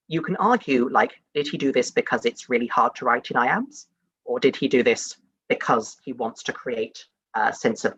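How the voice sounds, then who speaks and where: Husky-voiced man giving a casual talk. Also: mid-range voice, a bit bright, no room sound, highs cut off. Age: young adult. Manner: chatty and conversational, many fillers like "um" and "like". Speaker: science talk speaker. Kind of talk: casual lecture to an audience.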